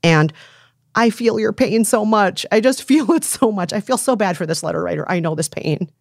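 A woman's voice: mid-range voice, expressive, moderate pace, vocal fry, no room sound, studio quality. A woman co-hosting an advice podcast, chatting with empathy and emphatic repetition. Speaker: podcast co-host. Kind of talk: casual advice chat.

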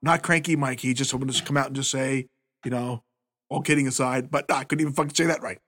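A man's voice: mid-range voice, fairly even intonation, fast talker, fairly bright tone. A middle-aged man co-hosting a podcast in casual chat, rambling, laughing and swearing a lot. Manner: profane, giggly, rambling. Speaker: podcast co-host.

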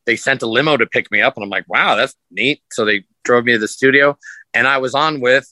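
His medium-pitched voice runs a little fast as he shares casual, rambling stories on a podcast, drawing on his sideshow performing. Animated, he acts out quotes in a raised voice; the audio is poor, with no room sound.

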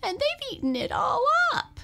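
A squeaky, tiny baby bear cub. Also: female voice, huge pitch swings, normal speed, creaky, pushed and bright, exaggerated voice. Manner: high squeaky crying voice.

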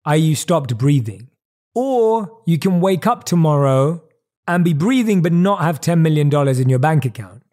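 A man hosting a podcast, giving a calm, reflective motivational talk, repeating phrases for emphasis and asking the listener questions. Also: a little high, normal speed. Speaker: podcast host.

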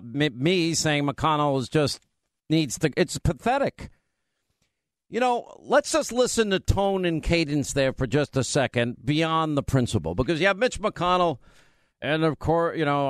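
A man's voice: fairly high pitch, moderate pace, smooth, no room sound, clean studio sound. A man hosting a talk radio show, joking and rambling in a mocking tone.

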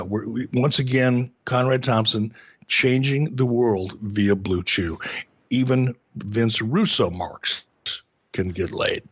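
A male podcast co-host speaking in casual, sarcastic banter, with many halting restarts. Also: mid-range voice, slightly rough, muffled recording.

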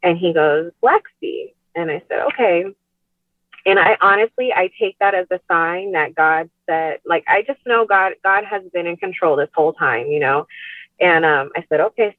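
A middle-aged woman telling a personal story as a podcast guest, speaking in a halting, earnest way with restarts and nervous laughs, over a remote call. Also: on the low side, no room sound. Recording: tinny phone-line call.

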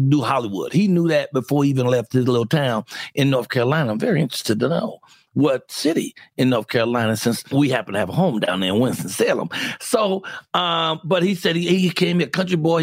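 A man's voice: medium pitch, creaky, dry recording, studio quality. A man hosting a podcast in a casual, folksy, laid-back way with slangy talk. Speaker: podcast host. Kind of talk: casual interview chat.

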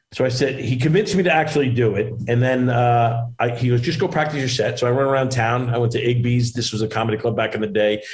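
A man's voice: mid-range voice, darkish tone, poor audio. A middle-aged man, a comedian and actor, chatting as a guest over a video call, rambling through stories with lots of restarts. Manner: rambling storyteller with many restarts. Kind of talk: casual interview chat.

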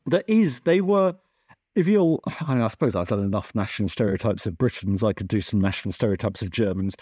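A man, a science journalist, explaining history in a conversational podcast interview with lively swings in his delivery and frequent restarts. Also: a little fast, slightly rough, dry recording, studio quality. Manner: animated storyteller, lively pitch swings, self-correcting restarts. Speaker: science journalist and author, guest.

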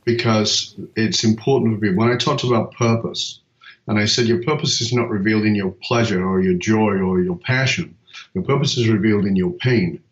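A man's voice: fairly low pitch, fairly quick. Emphatic man coaching, echoey dull sound. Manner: emphatic storytelling, casual swearing. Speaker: purpose coach. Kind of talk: conversational podcast talk.

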